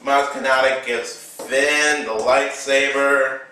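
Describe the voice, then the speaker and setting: A man's voice: medium pitch, fairly even intonation, takes it slowly, bright, forceful tone, very echoey, far from the mic, slight background noise, poor audio. A man casually recapping a film with toy figures, rambling with lots of fillers.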